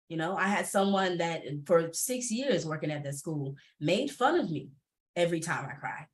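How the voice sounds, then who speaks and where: A woman speaking candidly as a panelist on a video call, expressive and laughing often, with folksy asides. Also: fairly low pitch, normal speed. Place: virtual summit video call.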